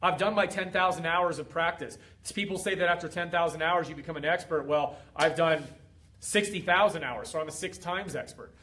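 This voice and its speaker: A middle-aged fitness coach hosts a motivational livestream for his group, speaking briskly in a fairly high, sharp voice. His delivery is emphatic, repetitive and preachy.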